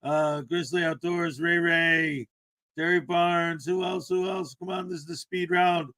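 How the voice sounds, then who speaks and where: A man with a slightly high voice speaks at a measured pace with fairly even intonation. He hosts a casual morning livestream, playfully joking and greeting viewers by name.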